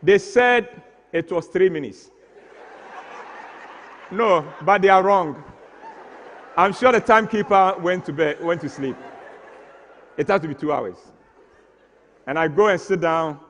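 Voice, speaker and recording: A man's voice: sits high, a little slow, pauses often, fairly bright tone, long reverb tail, slight background noise. A man tells a comic story on stage, acting out the scenes with mock drama. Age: 60s. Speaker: stage performer.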